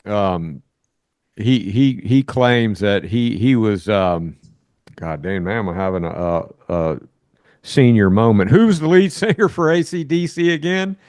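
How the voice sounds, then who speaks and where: A man's voice: lowish voice, animated, unhurried, darkish tone, dry recording, clean studio sound. A man hosting a podcast in casual chat, folksy and chiming in with short reactions. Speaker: podcast host.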